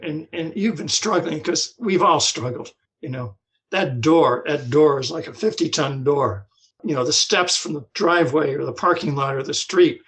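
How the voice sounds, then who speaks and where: An older man from New Jersey telling his story as a guest, halting and repeating words as he talks. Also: fairly high pitch, a bit bright, low-quality recording. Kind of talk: personal recovery story.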